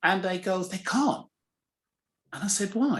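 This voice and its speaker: A man, a comedian guest, telling a casual story and acting out the people in it with big jumps in his voice. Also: unhurried. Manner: animated, acts out quoted voices with big pitch jumps.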